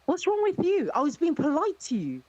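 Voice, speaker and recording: A woman's voice: sits high, huge pitch swings, fairly quick, a little mellow, no echo, dull audio. A woman taunting and mocking someone over and over in a heated insult exchange on a live stream.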